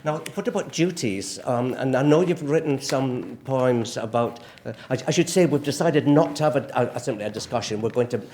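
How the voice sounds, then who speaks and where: A man interviewing a guest on stage. He speaks haltingly, repeating words and restarting his sentences. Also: mid-range voice, darkish tone.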